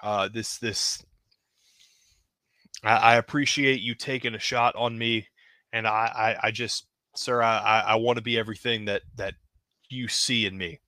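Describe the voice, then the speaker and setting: A man's voice: on the low side, fairly even intonation, measured pace, pushed and bright, dry recording. A man voicing a humble young wrestler who stammers earnestly. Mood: nervous.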